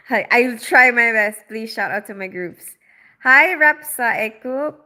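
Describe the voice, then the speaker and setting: A young adult woman raised in the Philippines, an operating room nurse, hosts a casual livestream, reading out comments and chatting quickly with lots of fillers and laughter. Her voice is fairly high, animated and sharp-toned.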